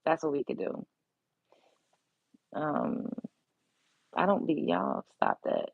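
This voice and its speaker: A woman's voice: sits low, huge pitch swings, takes it slowly, vocal fry, no room sound, phone-quality sound. A woman hosting a casual live stream, chatting bluntly with viewers and swearing freely. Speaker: livestream host. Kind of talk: casual live-stream chat reading comments.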